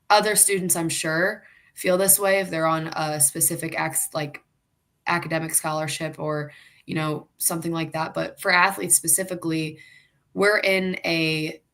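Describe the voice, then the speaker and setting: Bright-voiced young woman telling her story. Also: deep voice. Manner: animated storyteller, acts out quotes, laughs often. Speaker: former college athlete, coach. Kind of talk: casual podcast chat.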